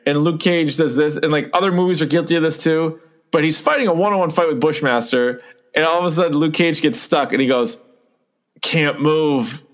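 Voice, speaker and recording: A man in casual podcast chat, griping about a show and acting out lines in a jumping voice. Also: fast talker. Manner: exasperated, acts out quotes with pitch jumps. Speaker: podcast co-host.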